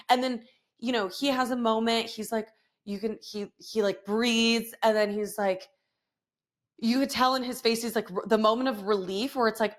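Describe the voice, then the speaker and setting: A woman with a slightly high voice hosts her own podcast into a microphone. She tells the story in a loose, dramatic way, swearing freely and piling on fillers. Her talk stays casual and chatty the whole time. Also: normal speed. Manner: profane, dramatic, filler-heavy storytelling with bursts of laughter. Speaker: podcast host.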